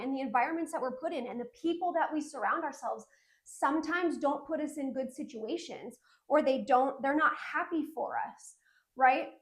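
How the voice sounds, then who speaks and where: A woman in her thirties co-hosting a casual wellness talk show, speaking in an earnest, reflective way and often restarting her sentences. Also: high-pitched. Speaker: podcast co-host.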